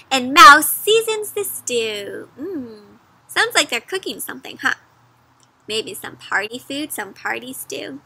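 A woman giving an interactive read-aloud for children, animated, with gasps and questions to her young listeners. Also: high voice, no echo. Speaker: children's storyteller.

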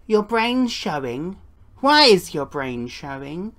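A woman's voice: fairly low pitch, big pitch swings, slow, a bit bright. A woman giving playful gameplay commentary, chatting and slipping into put-on voices for the characters. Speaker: gaming YouTuber.

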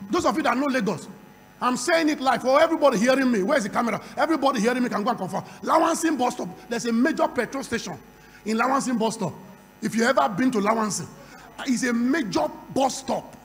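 A man's voice: very high voice, lively intonation, fast talker, a bit bright. A man preaching a sermon, calling for responses from the crowd and breaking into speaking in tongues. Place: large hall. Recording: long hall reverb.

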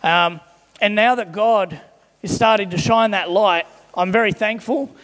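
A young man preaches a sermon, telling everyday stories and briefly putting on the voices of the people in them. His voice sits high for a man. He was recorded in a large church hall, and a long echo trails after his words. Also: a little slow, fairly bright tone.

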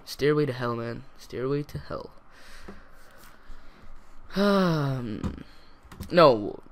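A man's voice: mid-range voice, extremely slow. Teen guy rambling thru his game, talks to himself, yelps when stuff goes wrong, bit of keyboard noise. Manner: rambling, self-talking, jumpy excitable outbursts. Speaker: gaming channel host. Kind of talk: casual gameplay commentary.

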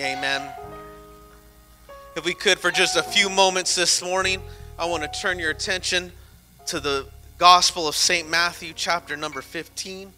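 A male pastor preaching a sermon, rising into fervent, shouted exhortation. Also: high voice, unhurried, soft background music.

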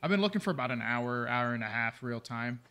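A man's voice: medium pitch, lively intonation, a little fast, sharp tone, clear, resonant tone. A young man giving casual, rambling let's-play commentary at his microphone, swearing freely and joking at his own expense. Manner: chatty and rambling, swears casually, jokes at himself. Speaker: gaming video creator.

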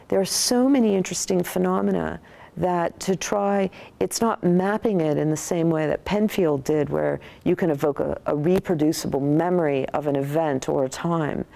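A middle-aged woman neuroscientist recounting research in an interview, thoughtful and animated, with frequent restarts. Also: on the low side, vocal fry.

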